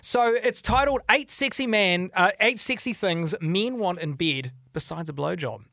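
A man's voice: sits high, measured pace, gravelly, no echo, clean studio sound. A young man co-hosting a podcast, chatting casually and joking crudely with lots of laughter. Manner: animated, laughing, crude jokes. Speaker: podcast co-host. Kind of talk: casual chat.

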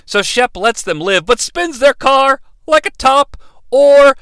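A man with a high, bright voice recaps a movie in a lively, joking way. His tone is smooth and crisp, and the recording is dry and close with no room sound. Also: takes it slowly, dry recording. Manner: animated, joking, breaks into impressions. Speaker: movie reviewer. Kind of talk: comedic movie recap commentary.

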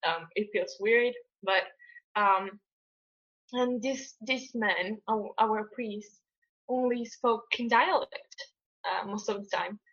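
In lo-fi, dull-sounding audio, a young woman from Italy joins as guest co-host for a casual conversation. Her medium-pitched voice is a bit bright and slow, and she rambles, full of fillers and restarts, laughing frequently.

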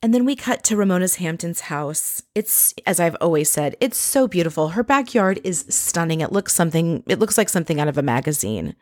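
Female podcast host, slightly low voice, chatty and sarcastic, dead-dry recording. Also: big pitch swings, fairly quick, few pauses, dry recording. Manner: wry, sarcastic asides. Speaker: podcast host recapping a reality show. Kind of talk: casual chatty recap.

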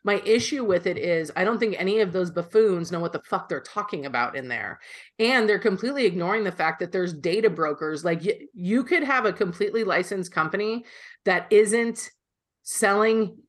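A woman's voice: fairly low pitch, animated, brisk. A woman co-hosting a podcast, talking politics in a blunt, profane, opinionated way. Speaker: podcast co-host. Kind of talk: casual political chat.

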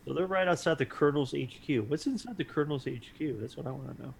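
A man's voice: fairly high pitch, fast, gravelly, slight background noise. A man casually riffing on a movie with friends, wisecracking and swearing. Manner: wisecracking, profane. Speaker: movie commentator.

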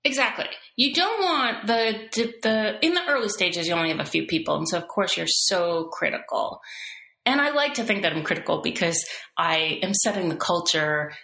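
Woman CEO guest, middle-aged, gravelly low voice, echoey room. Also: normal speed. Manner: animated, frequent restarts, laughs between points. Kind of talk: business podcast interview.

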